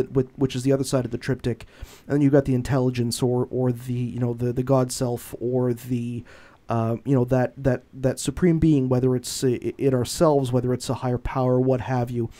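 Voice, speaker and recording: A man hosting a podcast who talks in a halting way, with many fillers and restarts. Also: mid-range voice, mellow. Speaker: podcast host. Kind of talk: casual podcast conversation.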